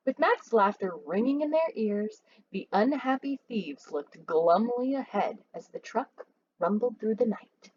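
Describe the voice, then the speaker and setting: A woman's voice: a little high, lively intonation, a little slow, a little mellow, highs cut off. A woman teacher reading a children's book aloud expressively and asking her listeners questions.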